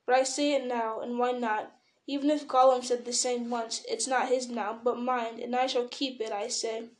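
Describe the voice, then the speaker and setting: A woman's voice: fairly high pitch, flat delivery, normal speed, lightly acted. A woman reading aloud and voicing an elderly male hobbit who is fussy, stubborn and possessive, in a fretful, defensive way. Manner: fretful, turns sharp and defensive.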